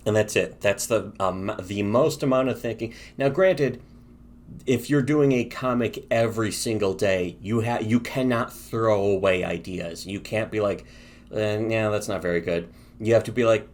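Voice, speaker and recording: Fairly low and a little mellow, this man's voice carries casual, profane podcast talk as he co-hosts a webcomic review show. He rambles, gets sarcastic and swears a lot.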